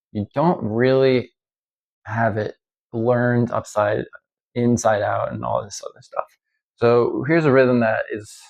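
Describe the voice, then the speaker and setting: A man explains violin practice in a loose, unscripted way, often pausing and restarting his thoughts. His voice sits in a middle range with a gravelly, creaky edge. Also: mid-range voice. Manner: halting, many fillers and restarts. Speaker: violin teacher. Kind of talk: casual instructional talk.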